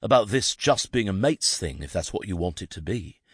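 A man's voice: deep voice, lively intonation, moderate pace, fairly bright tone, slightly rough, no echo, studio quality, heavily acted. A man voicing a confident, wry male detective who reassures his nervous friend. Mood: reassuring.

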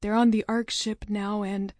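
A woman's voice: mid-range voice, flat delivery, a little mellow, no echo, studio quality, natural voice. A woman voicing a dazed young brother who trails off. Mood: shaken. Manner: halting, trailing off.

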